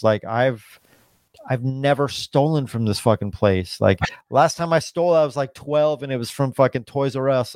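A man's voice: medium pitch, a little mellow, dry recording. A man in casual podcast chat, rambling and swearing constantly, with lots of "like" and "dude".

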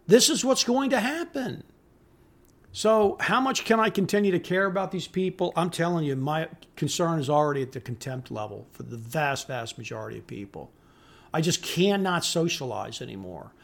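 A middle-aged man with a notably high-pitched voice delivers a solo podcast monologue. He rants with open contempt, swearing often and hammering his points through repetition. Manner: angry, contemptuous ranting with profanity; emphatic repetition. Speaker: podcast host.

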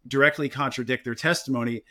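A man with a New Jersey accent, an injury lawyer co-hosting a podcast, telling courtroom stories in casual chat with lively mimicry. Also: mid-range voice, fast talker. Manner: storytelling, animated mimicry of opposing lawyers.

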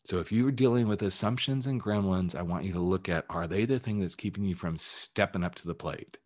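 A man's voice: low voice, fairly quick, darkish tone. A man who works as a life coach, giving a candid, emphatic motivational talk on his podcast and swearing casually as he goes.

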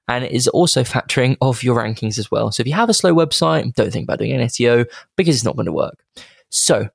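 A man's voice: medium pitch, vocal fry, dry recording, studio quality. A man hosting a marketing podcast, talking in an enthusiastic, chatty and digressive way. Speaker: podcast host. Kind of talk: casual podcast monologue.

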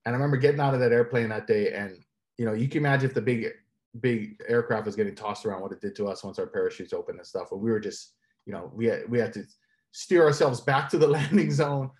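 Male interview guest, middle pitch, lively storyteller who laughs often. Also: fast talker. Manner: animated, laughs often while telling stories.

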